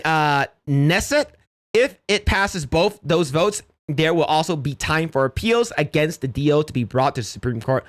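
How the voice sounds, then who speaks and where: A man hosting a casual livestream, reacting with loud exclamations and low mutters. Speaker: streamer and podcast host.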